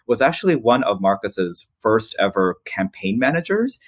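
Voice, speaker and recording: Animated storytelling man, dry close sound. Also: on the low side, moderate pace, dry recording. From Philippines. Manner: animated, laughs often, many restarts. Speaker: podcast guest, author. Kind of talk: casual storytelling interview.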